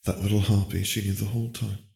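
A man reading fan fiction aloud, voicing a young French witch bride in a soft, hushed and intimate voice. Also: lowish voice, flat delivery, fast, creaky, husky, no echo, full character voice. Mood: teasing.

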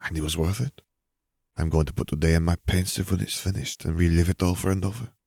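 Man voicing Fleur, hushed tender bride. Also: deep voice, fairly even intonation, fast talker, vocal fry, no room sound. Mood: teasing. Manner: soft, hushed and intimate. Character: young French witch bride, tender and teasing. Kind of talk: audiobook reading of fan fiction.

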